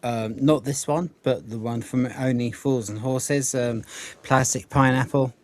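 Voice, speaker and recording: A man's voice: medium pitch, fairly even intonation, measured pace. A man co-hosting a fan review show who chimes in casually, stammering a little before he gets his point out. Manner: hesitant, stammers before interjecting. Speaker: podcast co-host. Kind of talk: casual chat.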